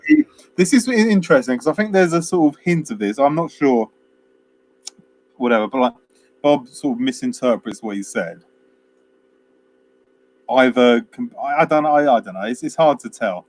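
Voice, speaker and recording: A man's voice: mid-range voice, expressive, moderate pace, long pauses. Rambling man retelling a film. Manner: rambling, retells scenes with many quoted lines and fillers. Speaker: podcast co-host. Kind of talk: casual film review chat.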